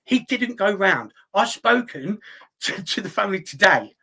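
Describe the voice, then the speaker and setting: Man, live-stream host, bright tense voice, fairly high, swears a lot, indignant. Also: sing-song, normal speed, breathy edge. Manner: swears freely, answers chat comments, indignant. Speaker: livestream host reading viewer chat. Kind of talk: heated live-stream talk.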